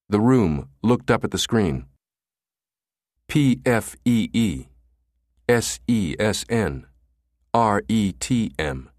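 A man narrating an audiobook thriller in a dramatic, expressive reading. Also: lowish voice, no echo, clean studio sound. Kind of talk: scripted narration.

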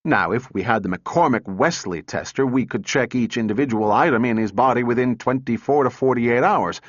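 A gruff senior male engineer talks brisk and impatient, with a dry sardonic edge, as a man puts him on. His mid-range voice sits in a dry, slightly dull audiobook recording. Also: mid-range voice, no room sound, close to an everyday voice. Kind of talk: audiobook character reading.

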